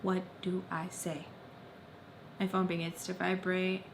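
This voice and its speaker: A young woman vlogger telling a personal story, repeating phrases intensely and swinging between loud and soft. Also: lowish voice, monotone, a little slow, creaky, background noise. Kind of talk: emotional story-time narration.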